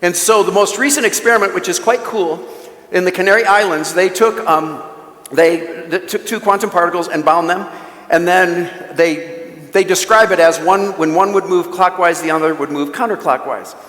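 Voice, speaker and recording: A man with a fairly high voice gives a conversational mission talk in a church. He tells stories and makes joking asides to the audience, and his voice rings through the room with a long reverb trailing after it. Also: moderate pace, fairly bright tone. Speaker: guest speaker at a parish mission.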